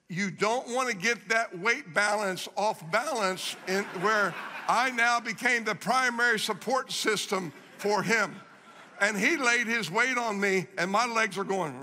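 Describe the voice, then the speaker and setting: A man's voice: high-pitched, unhurried, pushed and bright, a little hiss or hum. A middle-aged man preaching a sermon, telling stories animatedly and repeating phrases for emphasis. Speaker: guest preacher. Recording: long reverb of a large hall.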